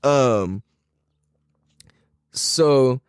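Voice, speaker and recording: A man's voice: medium pitch, very slow, clean tone, no room sound, clean studio sound. A man doing a casual comedic monologue as a podcast host, laughing often, swearing freely and using slang.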